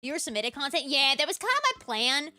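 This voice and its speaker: A woman's voice: high-pitched, sing-song, quick pace, pushed and bright, soft background music. An American woman with a Valley Girl accent, chatting casually on a live stream and giggling as she reads chat. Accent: Californian Valley Girl. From United States. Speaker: VTuber streamer.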